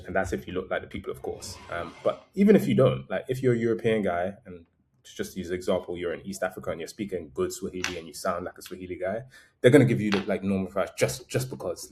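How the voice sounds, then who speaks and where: A man's voice: deep voice, darkish tone. A man vlogging casual travel advice in a conversational, meandering way, often correcting himself mid-sentence.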